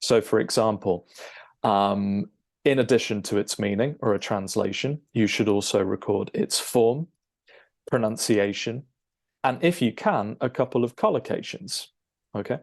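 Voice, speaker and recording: A man, an English teacher, explaining a lesson over a shared screen, checking in with "okay?" and filling pauses with "um". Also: lowish voice, a little mellow. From United Kingdom. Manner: explanatory, frequent "okay?" check-ins and "um" fillers.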